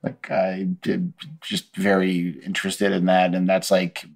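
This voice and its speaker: A man's voice: low voice, a little slow, creaky. A man in his forties, a guest on a casual podcast chat, telling comedic stories and acting out the voices of the people in them. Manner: animated storyteller who acts out quoted voices.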